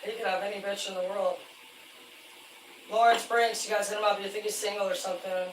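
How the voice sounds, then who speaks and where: A man's voice: high voice, level tone, a little fast. A man telling rambling, profane stories about fishing work on a live stream, loose and boastful. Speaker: livestreamer, former commercial fisherman. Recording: echoey, distant, noisy room.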